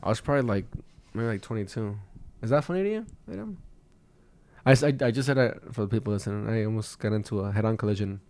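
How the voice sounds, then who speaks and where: A man's voice: fairly low pitch, animated, quick pace, darkish tone. A man in his twenties, co-hosting a podcast as a rambling storyteller full of fillers and swearing. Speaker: podcast co-host. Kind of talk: casual chat.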